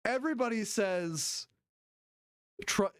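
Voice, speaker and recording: This livestream host talks slowly in a smooth, medium-pitched voice while scrubbing through a video and reading chat. The commentary is crude, profane and mocking play-by-play, peppered with silly put-on quote voices.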